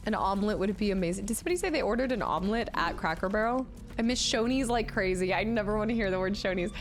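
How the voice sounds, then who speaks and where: A woman's voice: mid-range voice, fast, a little hiss or hum. A woman in her late twenties chatting casually on a gaming livestream, talking with her chat and laughing often. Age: late 20s. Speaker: streamer.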